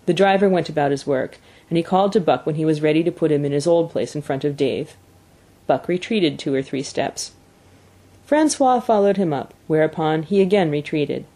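An audiobook narrator reading a novel chapter aloud with a steady, even storytelling delivery. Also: medium pitch. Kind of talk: scripted narration.

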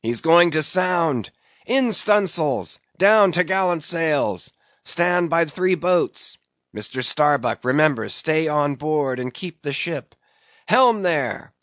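Obsessed old captain read by a man, bellowing high and loud from a dull dry recording. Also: expressive, dry recording. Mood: commanding. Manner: bellowing orders, drawn-out cries. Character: obsessed old sea captain, commanding, fierce.

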